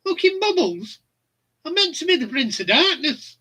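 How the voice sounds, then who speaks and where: A man putting on a crude, indignant aging rock star with a thick Birmingham accent, yelping his complaints in a sharply raised, squeaky pitch. The voice comes out bright and strained, full of theatrical outrage. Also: big pitch swings, moderate pace, heavily acted. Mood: exasperated. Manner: shouty, sweary, indignant.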